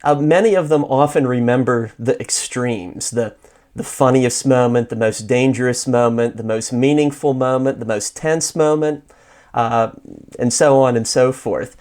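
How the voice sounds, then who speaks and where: Man, mid-pitch interviewer, calm and measured. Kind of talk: interview question.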